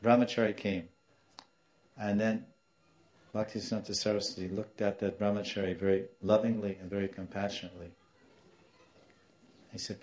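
Brief: male spiritual teacher, animated storyteller, lowish voice, muffled lo-fi tape. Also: normal speed, long pauses. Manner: animated, acts out quoted voices, laughs now and then. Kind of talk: storytelling sermon.

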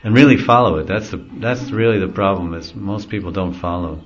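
This spiritual teacher, a middle-aged man, speaks low and a little fast. His devotional talk is easygoing and full of chuckles as he explains things, and the lo-fi recording sounds dull.

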